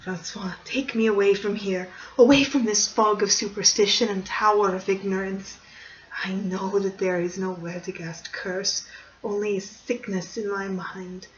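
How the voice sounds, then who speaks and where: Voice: medium pitch, steady tone, a little slow, lightly acted. A reader voicing a pleading young cursed woman. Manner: pleading, earnest. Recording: dull distant recording, faint hiss.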